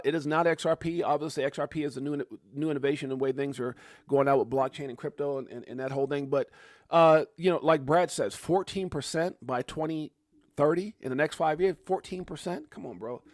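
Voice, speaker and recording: A man's voice: fairly high pitch, darkish tone, dry recording, studio quality. A man in his forties hosting a livestream, casually reading out and answering viewer comments, laid-back and chatty. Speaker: livestream host.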